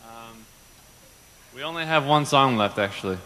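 A man's voice: medium pitch, expressive, moderate pace. A man fronting a band, rambling awkwardly between songs on an outdoor stage. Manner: awkward, rambling, soft-spoken. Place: outdoor stage on a campus lawn. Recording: live outdoor set with long reverb and faint guitar.

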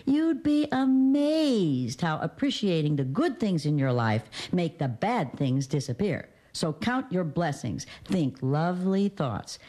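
A woman giving a comic cheer-up greeting with a drawn-out, swooping delivery. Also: low-pitched, warm tone. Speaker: comedian.

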